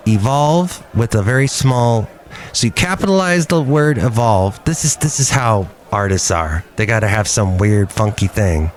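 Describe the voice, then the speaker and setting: A man hosting a podcast from a cafe, talking in a chatty, joking, rambling way, his voice a little rough after covid. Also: mid-range voice. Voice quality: rough, smoker-like after illness. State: recovering from covid, slightly rough voice. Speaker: podcast host. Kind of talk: casual podcast chat.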